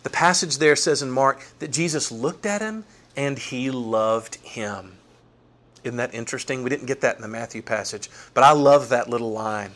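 A man preaching a sermon, animated and playful, acting out the people in the story. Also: mid-range voice. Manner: animated, voices Bible figures with playful asides. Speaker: pastor.

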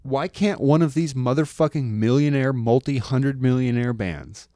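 A man, a guest bass player, chatting casually on a podcast in a studio, talking in an animated, profane, ranting way. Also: moderate pace, dry recording. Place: recording studio.

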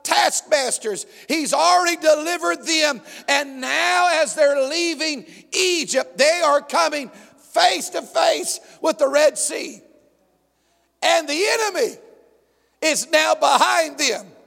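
Male pastor, emphatic sermon, very high voice, slow deliberate delivery, echoing church hall. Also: lively intonation, vocal fry. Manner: emphatic, often shouting, call-and-response.

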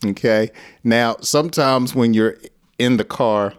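A man teaching an English lesson, speaking slowly and deliberately and often laughing at his own examples. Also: medium pitch, clean tone, dry recording, clean studio sound.

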